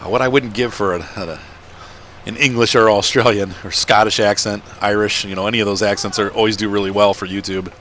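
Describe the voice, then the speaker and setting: Casual let's-play host, male, low-ish pitch, chatty and rambling, light hiss in the background. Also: fairly even intonation, a little fast, fairly bright tone. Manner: rambling, chatty, laughs often. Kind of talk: casual gameplay commentary.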